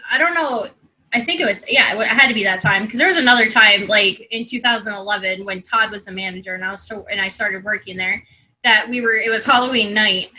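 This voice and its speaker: Very bright-voiced blunt woman. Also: mid-range voice, poor audio. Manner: blunt, swearing, laughs often. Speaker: podcast co-host. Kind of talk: casual chat. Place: home, over a video call.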